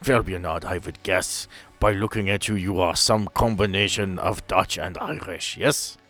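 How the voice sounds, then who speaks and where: A man's voice: sits low, moderate pace, a bit bright, faint music behind. A man voicing an older, thin male doctor with a German accent, courtly and curious, who often ends remarks with a questioning "yes?". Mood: genial.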